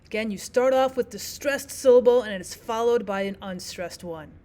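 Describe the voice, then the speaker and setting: A woman explaining poetic meter in a lesson, walking through examples and slowing down to read lines of verse aloud. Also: medium pitch, mellow. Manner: clear, measured teaching delivery, slows to read verse aloud. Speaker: teacher. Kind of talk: explaining poetry lesson over slides.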